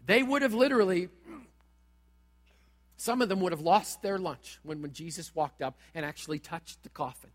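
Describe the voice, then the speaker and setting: A pastor preaching a sermon in a church, talking straight at the congregation in a dramatic way. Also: male voice, sits high, normal speed, long reverb tail. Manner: dramatic, direct, acts out quoted voices.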